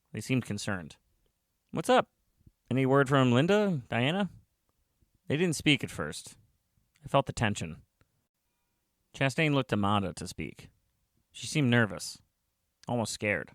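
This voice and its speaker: A man's voice: on the low side, fairly bright tone, no room sound, studio quality. A man narrating a comic story in the first person, with wry, self-mocking asides.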